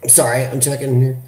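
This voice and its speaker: A man from the United States hosting a casual live chat, talking in an animated, chatty way into a computer webcam. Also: medium pitch. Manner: animated, chatty, reads viewer comments aloud. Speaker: livestream host. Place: hospital room.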